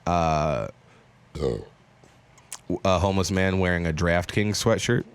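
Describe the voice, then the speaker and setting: A man's voice: low-pitched, takes it slowly, smooth. A young adult man hosting a casual podcast chat, rambling through a story and laughing partway through his sentences. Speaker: podcast host and comedian.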